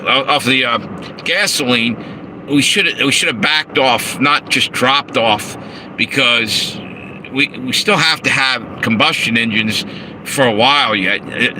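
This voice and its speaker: A man talks loosely and profanely into his phone, chuckling at his own asides while reading out chat messages. His voice sits in an ordinary middle range. The car's engine and air conditioner hum clearly behind him on the phone recording. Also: medium pitch. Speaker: live streamer. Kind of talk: casual livestream talk, reading chat. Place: inside a parked car with air conditioning running. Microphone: handheld phone. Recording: noisy phone audio in a car. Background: car engine and air conditioner hum.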